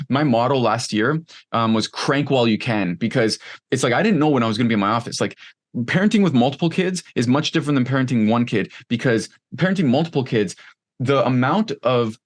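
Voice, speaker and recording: A man in his thirties talking casually as an interview guest, rambling with many fillers and lively asides. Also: medium pitch. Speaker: podcast guest, online coach.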